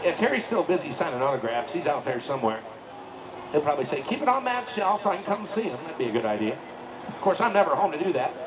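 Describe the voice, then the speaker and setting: High-voiced man announcing a tractor pull. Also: very animated, muffled recording, background noise. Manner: joking, folksy, drawn-out hype calls. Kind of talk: live event announcing with banter. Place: outdoor tractor pull track. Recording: distant PA at a loud outdoor event.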